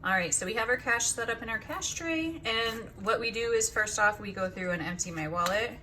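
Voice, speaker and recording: A woman's voice: fairly high pitch, a little fast, a little hiss or hum. A young woman hosting a budgeting vlog, chatting casually to the camera and a little out of breath after work. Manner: chatty, counts cash aloud softly. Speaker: budgeting channel host.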